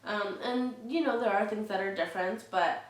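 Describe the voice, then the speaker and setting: A woman's voice: mid-range voice, normal speed, recorded from a distance. A woman vlogging in a candid, casual way, speaking frankly and heatedly, swearing freely and leaning on fillers like "you know". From Latina heritage. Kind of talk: casual candid vlog talk. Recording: roomy sound, speaker some way from the mic.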